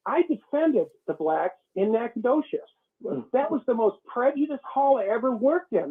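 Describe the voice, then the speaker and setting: Blunt husky man over a phone line. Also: extremely high pitch, lively intonation, moderate pace. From Detroit. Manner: blunt, emphatic, swears. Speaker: caller. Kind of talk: call-in phone talk.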